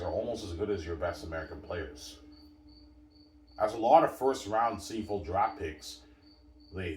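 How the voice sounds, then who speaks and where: A man with a very low voice rambles through a casual sports talk, repeating points and insisting they are obvious. He sits a bit back from the mic in an echoey room, with a faint hum of ambience behind him. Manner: repetitive, emphatic, keeps saying obviously and addressing viewers. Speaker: sports commentator. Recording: roomy sound from a distant mic.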